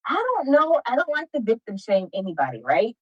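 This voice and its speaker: A woman hosting a casual livestream, animated and laughing often as she talks to her viewers. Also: a little high, brisk, breathy edge, highs cut off. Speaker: livestream host.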